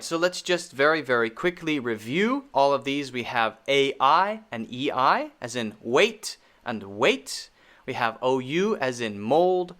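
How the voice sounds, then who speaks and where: Slow, lively-pitched American pronunciation teacher. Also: male voice. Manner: models vowel sounds slowly and repeatedly. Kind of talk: pronunciation lesson.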